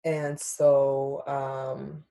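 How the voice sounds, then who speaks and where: A woman's voice: very deep voice, little pitch movement, extremely slow, creaky, mellow. A young adult woman hosting a podcast, telling a personal story in casual chat, candid and emotional, swearing freely and talking straight to her listeners. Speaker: podcast host.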